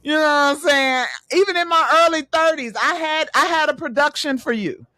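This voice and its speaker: Speaking high-pitched at a moderate pace, with no room sound, a late-thirties podcast host keeps the chat casual and lively. She laughs often and keeps repeating the same filler phrases.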